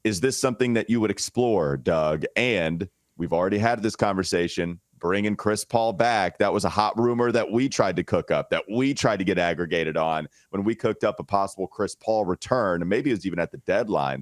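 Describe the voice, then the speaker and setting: Deep-voiced man on a sports podcast. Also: brisk, few pauses, no echo, clean studio sound. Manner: thinks aloud, restarts sentences. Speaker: podcast host. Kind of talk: casual sports podcast chat.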